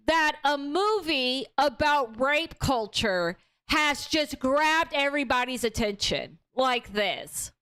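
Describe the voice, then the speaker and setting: A young woman hosting a casual livestream movie review, animated and outspoken, swearing freely as she recounts the plot. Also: high voice, slow pace, few pauses.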